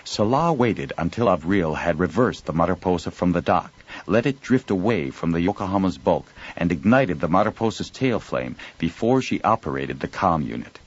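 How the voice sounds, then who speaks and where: A man narrating an audiobook in an expressive storytelling reading. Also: sits low, normal speed, husky, lo-fi sound. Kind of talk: scripted narration.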